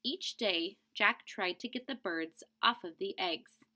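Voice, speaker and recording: A woman's voice: mid-range voice, a little slow, sharp tone. A woman teacher reading a picture book aloud to children, expressively and stopping to explain word meanings. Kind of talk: read-aloud storybook lesson.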